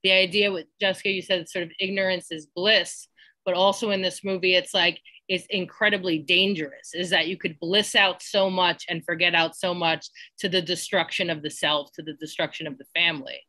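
A woman filmmaker speaks on a panel at length and with care, often circling back on her phrases. Her voice is lowish but bright and forceful. The sound is dry and close. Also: steady tone, a little fast, no echo. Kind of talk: thoughtful panel commentary.

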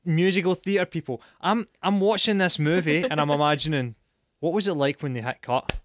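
Man, somewhat high pitch, animated ranting, dry close sound. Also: normal speed, no echo. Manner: animated rants with mocking impressions. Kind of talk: casual panel chat.

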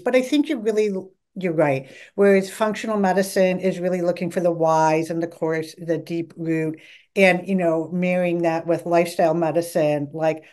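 A middle-aged woman dietitian, a podcast guest, talking eagerly and acting out her patients' words. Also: fairly low pitch. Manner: enthusiastic, talkative, quotes patients in lively voices. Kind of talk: podcast interview.

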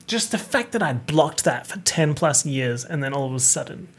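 A young man hosting a casual solo podcast, talking in an animated, campy way and swearing freely. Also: a little high, normal speed, breathy edge. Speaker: podcast host.

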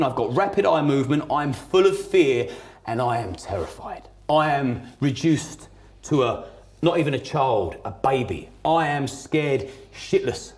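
Blunt, swearing man. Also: a little high. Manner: blunt, heavily swearing, emphatic. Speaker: podcast guest. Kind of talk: personal storytelling in conversation.

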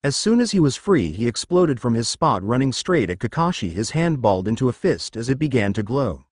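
A man's voice: mid-range voice, sing-song, brisk, dry recording, clean studio sound. A man reading a fanfiction story aloud as narrator.

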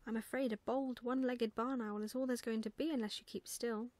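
A woman voicing a gentle young woman in whispered role-play, soft, sweet and kind. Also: a little high, fairly even intonation, a little fast, dry recording, lightly acted.

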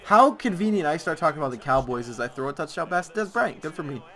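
A man's voice: fairly high pitch, lively intonation, fast talker, a bit bright. A young man giving football picks over gameplay in a sarcastic, ranting way, drawing out words for emphasis. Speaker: YouTuber making predictions. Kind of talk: casual commentary over gameplay.

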